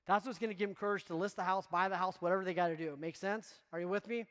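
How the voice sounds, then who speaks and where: A man giving a motivational keynote to real estate agents, energetic and constantly checking in with the audience. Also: sits high, quick pace, clean tone, in a large hall. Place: conference stage before a live audience.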